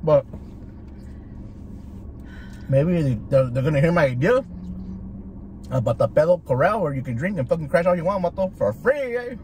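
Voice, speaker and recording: Pausing often at a moderate pace, a man with a highish voice chats from a parked car over slight background noise. He's a food vlogger from Southern California, eating while he rants profanely and animatedly, full of slang and Spanish asides.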